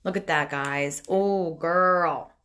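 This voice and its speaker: A woman's voice: on the low side, slow pace, fairly bright tone. A young woman chatting casually through a makeup tutorial on a phone livestream, talking to viewers and family as she works. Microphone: phone camera.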